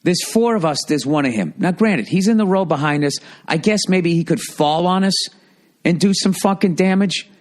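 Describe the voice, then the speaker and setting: Man in his fifties, podcast host, high voice, casual comic storytelling, animated and profane. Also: normal speed. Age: 50s.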